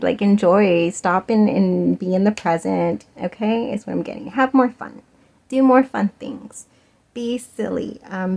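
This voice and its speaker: A young woman talks through a tarot reading in a loose, chatty way. She laughs often and leans on fillers. Her voice sits in an ordinary middle pitch for a woman. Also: creaky, a little mellow. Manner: chatty and giggly, lots of "like" and laughs. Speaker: tarot reader. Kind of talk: pick-a-card tarot reading.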